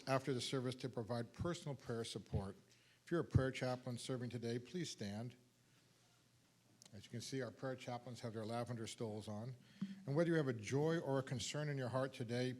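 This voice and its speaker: A man's voice: medium pitch, darkish tone. A man leading a church service, giving friendly, plain-spoken announcements about prayer and giving. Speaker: service leader.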